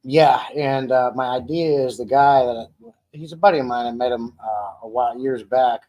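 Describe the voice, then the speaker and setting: A man's voice: mid-range voice, moderate pace, highs cut off. A man hosting a casual home live stream in an easy, rambling way. He often restarts his sentences and repeats words as he reads viewer comments aloud and chats. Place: dining room at home.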